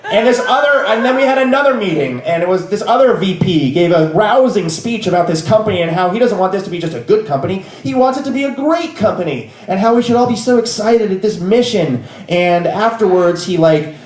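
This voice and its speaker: A man's voice: high voice, animated, fairly quick, hardly any pauses. Man in his thirties, live comic storyteller, rambling and wry, bursts into rants, roomy venue. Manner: rambling, self-deprecating, bursts into exasperated rants.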